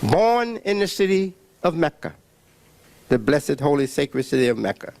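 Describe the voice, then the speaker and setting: A man preaches in a fairly high, gravelly voice, leaning hard on words and pausing often between phrases. His pitch swoops up and down as he drives his points home. The sound is dry and close. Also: very animated, darkish tone, no echo. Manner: emphatic with long pauses and repetitions. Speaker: religious speaker. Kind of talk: preaching religious lecture.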